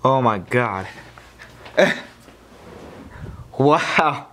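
Man narrating and mocking a friend behind a phone camera, slow-spoken with faint hiss. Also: mid-range voice, lively intonation, a bit bright. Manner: teasing, laughing. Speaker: friend filming.

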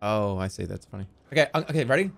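A man streaming a game, joking around in goofy banter that swings from mumbling to yelling. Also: fairly low pitch, lively intonation, fast, creaky. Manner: playful, jumps from mumbling to yelling.

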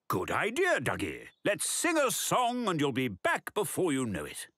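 A man narrating a children's cartoon as a gently amused storyteller. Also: a little high, wildly swooping pitch, normal speed, slightly rough, no echo, studio quality.

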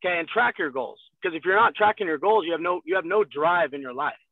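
A man's voice: sits high, fast talker, no room sound. A man on a sales call giving direct coaching advice and repeating his instructions. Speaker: guest sales leader. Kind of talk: motivational sales talk on a call. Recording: tinny, dry phone-like call audio.

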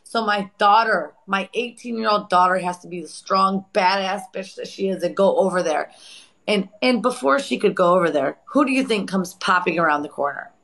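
A woman in her forties telling a painful personal story on a live chat, raw and profane, breaking into loud re-enacted outbursts. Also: medium pitch, moderate pace, gravelly, rough recording. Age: 40s.

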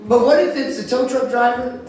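A man preaching with a strikingly high voice, telling animated stories and breaking into sudden shouts. He is caught from a distance in a very echoey room. A faint hiss sits under the recording. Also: fairly quick. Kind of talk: sermon wrap-up.

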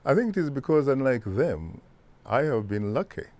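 A Ugandan-accented man in his sixties, answering interview questions in a deliberate, emphatic way with rhetorical asides. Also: mid-range voice, very animated, a little mellow, no echo. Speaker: interview guest, broadcast journalist.

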